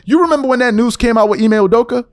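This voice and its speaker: A man hosting a podcast, delivering an opinion rant and mocking others in high, whiny put-on voices. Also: racing. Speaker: podcast host.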